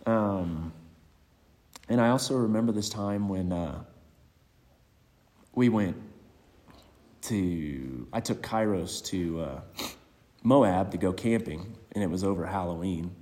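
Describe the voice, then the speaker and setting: A man giving a eulogy with personal stories, reflective and hesitant, pausing often. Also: low-pitched, darkish tone. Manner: reflective and hesitant, many pauses. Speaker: speaker at a memorial. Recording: long hall reverb.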